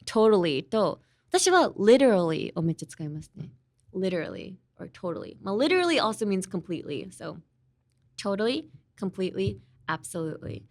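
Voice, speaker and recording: Her medium-pitched voice is sing-song, fairly quick and slightly mellow, recorded clean in a studio with no echo. The speaker, a young language teacher and host from Los Angeles, USA, chats through a casual podcast lesson, blending Japanese into her English and using examples to explain.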